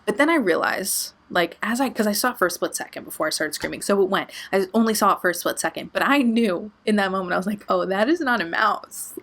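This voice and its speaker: A woman's voice: mid-range voice, quick pace, few pauses, a bit bright. A young adult woman vlogger telling a story in a casual way, swearing a lot and using many filler words. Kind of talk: storytime vlog.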